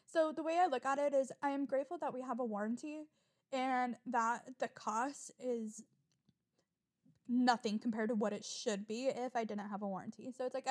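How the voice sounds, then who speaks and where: Young woman, solo podcast host, rambling, animated, cusses freely, fairly high-pitched. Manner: animated, swearing, quick to get riled up.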